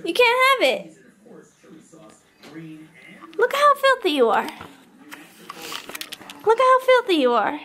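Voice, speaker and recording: A woman's voice: very high-pitched, very animated, slow, pauses often, sharp tone. A young woman vlogging casually, cooing to her puppy in a sing-song voice. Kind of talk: casual vlog chat.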